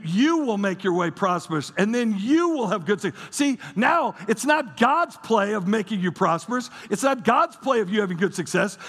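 A man's voice: high-pitched, a bit bright, husky. A male pastor preaching a sermon to a church audience, impassioned and emphatic, repeating words as he drives his points home. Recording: long hall reverb with music behind.

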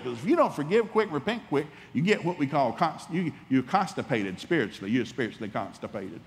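A man preaching a sermon in a folksy, animated, humorous way, acting out little dialogues as he goes. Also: mid-range voice, brisk, hardly any pauses, long reverb tail, slight background noise. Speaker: pastor.

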